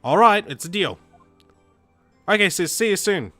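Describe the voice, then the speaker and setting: Upbeat teen girl for a game dub, read by a man, teasing, raised pitch. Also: lively intonation, normal speed, pushed and bright, dry recording, faint music behind, exaggerated voice. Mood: playful. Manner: bouncy, teasing. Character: cheerful teenage girl, playful younger sister.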